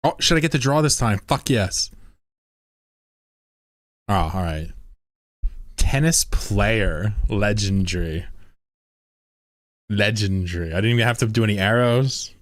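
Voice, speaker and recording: Young man, streamer, lively swooping pitch, dry close sound, profane, laughs a lot. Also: a little slow, pauses often, dry recording. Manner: profane, excitable, laughs often. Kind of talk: casual live-stream commentary.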